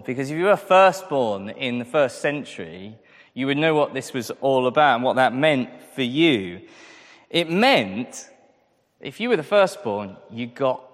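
Chatty preacher in a reverberant hall. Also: male voice, medium pitch. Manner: chatty, self-deprecating, asks the congregation questions. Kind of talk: sermon.

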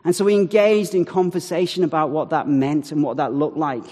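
A man telling a personal faith story to an audience, animated, with acted-out quotes and wry asides. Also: on the high side, fairly quick. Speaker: speaker telling a testimony. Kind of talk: storytelling talk. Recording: long hall reverb.

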